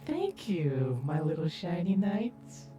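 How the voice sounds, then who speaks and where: A woman's voice: fairly low pitch, sing-song, takes it slowly, music in the background. A woman voicing a playful, flirty female fox animatronic with a teasing, affectionate manner.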